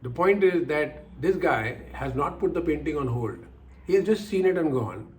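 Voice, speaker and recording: A man's voice: fairly high pitch, lively intonation, moderate pace, slight background noise. An older man telling personal stories as life lessons, acting out the voices he quotes and repeating phrases for emphasis. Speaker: speaker giving life lessons. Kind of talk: personal storytelling talk.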